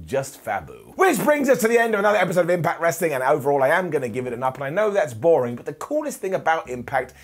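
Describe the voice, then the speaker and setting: A man who has lost his voice reviews a wrestling show in an animated monologue, hoarse and husky. He's theatrical and jokey, rattling on rapid-fire and sing-song with few pauses and big pitch swings.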